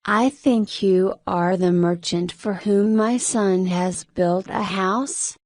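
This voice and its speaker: A smiling old male genie from a storybook , as a woman reads him, formal and courtly. His speech is very slow and deliberate, recorded dry and close. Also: mid-range voice, darkish tone, no echo.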